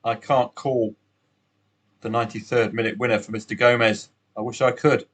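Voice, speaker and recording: A man's voice: medium pitch, fairly even intonation, normal speed, a bit bright, husky. A man hosting a solo betting podcast, chatty and upbeat, with asides to the listener.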